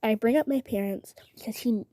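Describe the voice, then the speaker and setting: A woman's voice: a little high, brisk, dark tone, no echo. A young woman telling a story to the camera, indignant and rambling, often dropping to a whisper. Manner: rambling, many filler "like"s. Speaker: vlogger. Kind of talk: casual storytelling.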